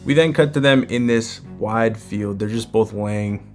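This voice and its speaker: A man with a lowish voice hosts a manga breakdown in relaxed, chatty commentary full of "like" and "you know". Soft plucked guitar music sits quietly under his voice. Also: a little slow. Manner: casual, uses fillers like "like" and "you know". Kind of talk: casual commentary.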